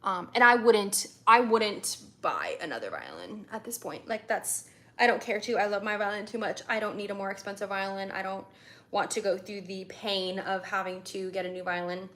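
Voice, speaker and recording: A chatty woman from America, a violinist, answers live questions from viewers with plenty of ums and likes. Her voice is bright and forward, and she sits in the middle of a woman's range. She sounds eager and easygoing. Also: medium pitch, animated, normal speed. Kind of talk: casual livestream Q&A.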